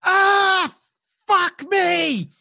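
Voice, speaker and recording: A man's voice: high-pitched, animated, moderate pace, a bit bright, no room sound, studio quality, pitched above the performer's own voice. A man voicing a panicked, wounded male soldier who screams and swears in pain. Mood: agonized.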